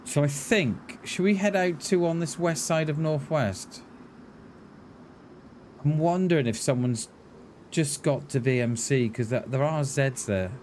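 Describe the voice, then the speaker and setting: Chatty streamer with a light Mid Welsh accent. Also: male voice, a little high, unhurried, a little mellow, a little hiss or hum. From Mid Wales. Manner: chatty, musing, answers chat with "mate". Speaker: live streamer. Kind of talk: casual gaming commentary.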